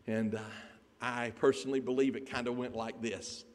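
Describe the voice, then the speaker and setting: A man preaching a sermon, telling a Bible story in an animated way and putting questions to the congregation. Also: mid-range voice, moderate pace. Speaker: pastor. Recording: echoey hall.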